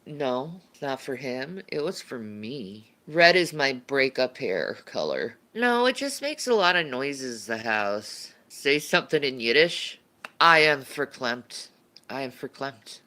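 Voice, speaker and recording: A woman's voice: a bass voice, sing-song, slow, bright, forceful tone. A woman livestreamer chatting casually and answering viewer questions, rambling and laughing, often restarting her sentences.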